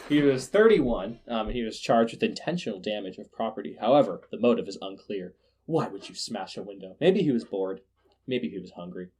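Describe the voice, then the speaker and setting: A man hosting a casual news podcast, sarcastic and quick to laugh, often restarting his words. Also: fairly low pitch, expressive, darkish tone, husky. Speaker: podcast host.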